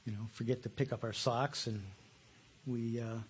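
Husky preacher man, passionate sermon. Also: mid-range voice, level tone, moderate pace. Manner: passionate, swinging between loud pleas and hushed asides. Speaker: pastor.

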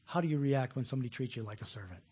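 A middle-aged man preaching a sermon as pastor, folksy and animated, telling jokes and acting out voices. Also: mid-range voice, rapid-fire, slightly rough.

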